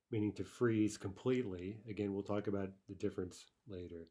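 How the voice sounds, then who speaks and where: Guy teaching grammar, lowish warm voice, keeps saying right and okay, slows way down for example words. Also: fairly even intonation. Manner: explanatory, frequent "right?" and "okay"; slows to spell out Russian word forms. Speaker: language teacher. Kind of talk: recorded grammar lesson.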